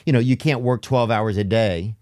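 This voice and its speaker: A man's voice: lowish voice, normal speed, darkish tone, dry recording, studio quality. A man hosting a podcast, chatting casually with short reactions and loose, searching questions. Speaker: podcast host.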